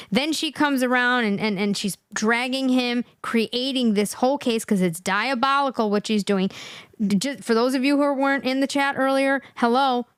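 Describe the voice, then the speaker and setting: A woman hosts a live reaction stream, commenting on her chat and scolding while addressing viewers directly in an animated way. Her voice is a little high with a clean tone, recorded in studio quality with no echo.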